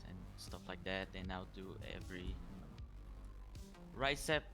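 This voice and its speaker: A man's voice: low-pitched, moderate pace, music in the background. A man playing a job applicant in a roleplay interview, earnestly and repetitively talking himself up. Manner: earnest, repetitive self-promotion. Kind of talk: in-character interview pitch.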